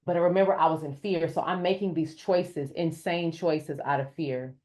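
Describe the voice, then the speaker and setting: A woman who is a podcast guest, telling her story in an animated way and raising her voice to act out what others said. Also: sits low, moderate pace. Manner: addresses listeners as "y'all". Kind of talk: storytelling in an interview.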